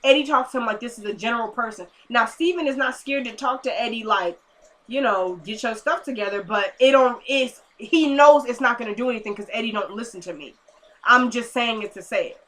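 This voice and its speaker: A woman recapping a TV episode in a chatty, excitable and slangy way. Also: on the high side, a little fast. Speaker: TV episode reviewer. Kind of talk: casual recap commentary.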